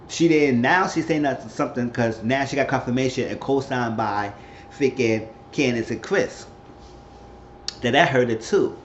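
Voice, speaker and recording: A man giving a chatty, slangy, rambling recap of a reality TV episode in a casual spoken style. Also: medium pitch. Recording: roomy, dull recording with faint hiss.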